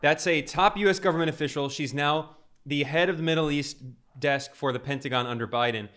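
A man's voice: a little high, brisk, fairly bright tone. A man giving political commentary, emphatic and indignant, stressing key words.

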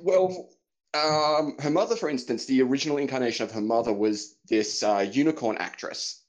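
A man's voice: medium pitch, normal speed. An Australian man who talks as a podcast guest in an easygoing, hesitant way, with many ums. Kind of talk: casual chat.

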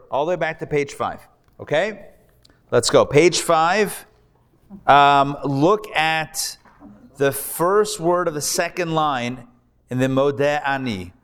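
A rabbi teaches a live Hebrew reading class in a classroom hall before an audience, patiently drilling pronunciations with his students. His voice is fairly high, a bit bright, clear and resonant, and the hall recording is reverberant.

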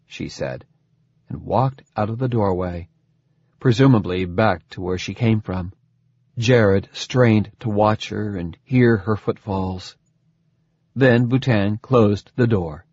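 A man narrating an audiobook chapter in an expressive reading voice. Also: lowish voice, takes it slowly, husky, no echo, lo-fi sound. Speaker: audiobook reader.

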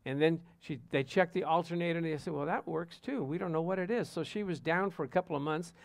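A man's voice: fairly high pitch, fast talker, vocal fry, dry recording. A man preaching as a pastor, telling personal stories and calling out to the congregation for an amen. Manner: animated storytelling, asks congregation "Amen?".

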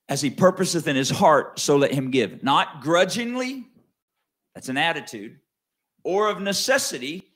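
A man preaching a sermon in a conversational way, slowing down and rising to stress key words, then dropping low for asides. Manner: conversational with wide swings in pitch and loudness, slows to stress key words. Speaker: pastor.

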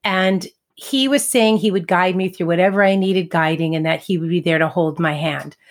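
A woman's voice: on the low side, normal speed. A middle-aged woman co-hosting a podcast, telling a personal story in a chatty, casual way, acting out what people said. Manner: chatty, laughs between thoughts, acts out quotes. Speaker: podcast co-host and medium.

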